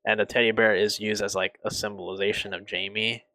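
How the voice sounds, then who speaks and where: Young male reviewer, lowish voice, dry close sound, emotional and halting delivery with frequent swearing. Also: little pitch movement, sharp tone, dry recording. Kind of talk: casual review.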